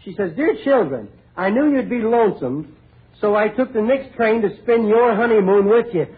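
An actor playing a bumbling young groom in a 1930s radio comedy sketch, wisecracking and slipping into baby talk. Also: male voice, sits high, expressive, moderate pace, phone-quality sound. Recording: scratchy 1930s radio broadcast with loud studio audience.

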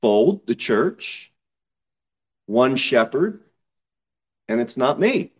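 A man preaching a sermon in a church, reading scripture aloud and building to emphatic, loud, high peaks. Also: very animated, extremely slow. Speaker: pastor. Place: church sanctuary. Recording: slightly dull church recording.

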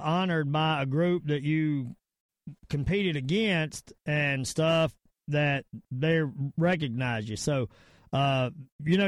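A man's voice: fairly high pitch, no echo. Rambling middle-aged Southern man, dry sound. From Virginia / North Carolina area, US. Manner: rambling, repeats words, emphatic. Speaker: podcast host. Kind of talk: casual podcast rant and sign-off.

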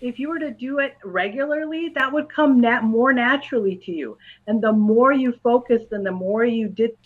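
Calm higher-pitched woman, dull recording. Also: moderate pace. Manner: calm, patient explaining in simple terms to a young interviewer. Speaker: guest, school psychologist and clairvoyant. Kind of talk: interview answers.

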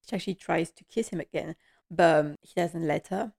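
Woman giving an emotional, animated recap. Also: on the low side, a little fast, vocal fry. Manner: animated and emotional, with nervous laughter. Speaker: podcast host. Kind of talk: casual episode recap.

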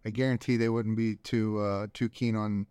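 A laid-back man hosting a podcast, affirming his guest and swearing casually as he talks. His voice is fairly low, smooth and resonant, and it sounds dry and close to the mic. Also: little pitch movement, normal speed, darkish tone, no echo. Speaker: podcast host.

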